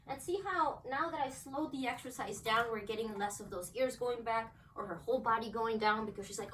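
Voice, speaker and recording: Fairly quick, with few pauses, a woman dog trainer with a fairly high, fairly bright voice describes a demo at home and praises her dogs in upbeat bursts. She sounds far from the mic, with faint background noise.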